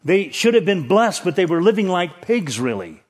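A man's voice: high-pitched, big pitch swings, moderate pace. Man teaching a Bible study sermon. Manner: conversational Bible teaching, rising emphasis on key points. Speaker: pastor.

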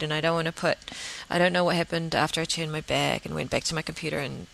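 Earnest, rambling woman with a lowish voice. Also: fairly bright tone, poor audio. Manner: earnest, rambling, repeats herself for emphasis. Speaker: vegan vlogger. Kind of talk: casual personal monologue.

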